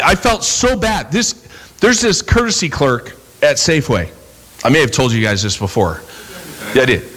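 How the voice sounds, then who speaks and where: A man's voice: high-pitched, fairly bright tone, slight background noise, low-quality recording. A man preaching a sermon, telling stories and acting out both sides of everyday conversations. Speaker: pastor.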